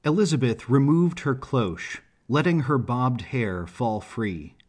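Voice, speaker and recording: A man narrating an audiobook story in a measured, even delivery. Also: mid-range voice.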